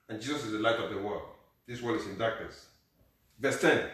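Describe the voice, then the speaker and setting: A male pastor preaching a sermon, moving between low, quiet passages and shouted high calls, often asking the congregation if they are hearing him. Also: expressive, normal speed, pauses often. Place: church. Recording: echoey room, mic far off.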